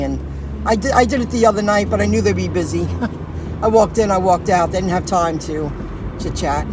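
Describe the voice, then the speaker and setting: A woman's voice: medium pitch, noisy background. A woman who drives for food delivery, telling a rambling story on a casual livestream, repeating herself and restarting sentences.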